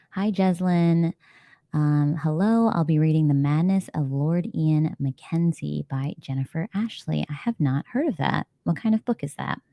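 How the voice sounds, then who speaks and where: Deep and mellow with vocal fry, this livestream host's voice comes through without echo. She runs a relaxed reading stream, talking with viewers, reading their chat messages out loud, and laughing frequently.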